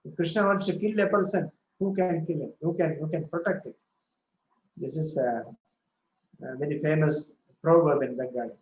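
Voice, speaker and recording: A man giving a devotional scripture talk, retelling a story slowly with frequent self-corrections. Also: fairly high pitch, darkish tone, roomy sound, slight background noise, poor audio. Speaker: scripture speaker.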